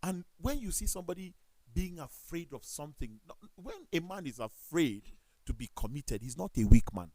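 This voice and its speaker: A man with a Nigerian accent, speaking as a talk show panelist. He tells animated stories, acts out the dialogue, and corrects himself as he goes. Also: a little high, normal speed, dry recording. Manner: animated storytelling with quoted dialogue and self-corrections. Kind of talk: casual studio discussion.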